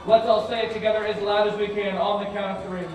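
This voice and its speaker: The man's voice is high and level, and he talks quickly. Performing as a children's magician at a live orchard event, he chants playfully and fakes surprise, captured distantly with echo, music, and crowd noise.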